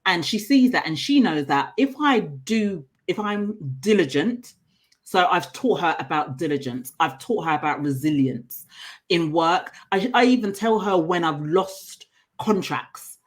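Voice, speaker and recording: A woman's voice: fairly low pitch, unhurried. Earnest woman coach telling a story. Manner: earnest, animated storytelling with laughs. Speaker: guest, coach and HR trainer. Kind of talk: personal interview story.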